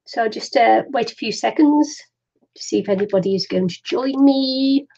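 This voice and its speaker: Chatty woman, middle-aged, craft stream host, gravelly, muffled lo-fi sound. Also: a little high, normal speed, warm tone. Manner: chatty, laughs often, talks to herself. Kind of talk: chatty live stream while waiting for viewers. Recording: dull lo-fi live stream audio.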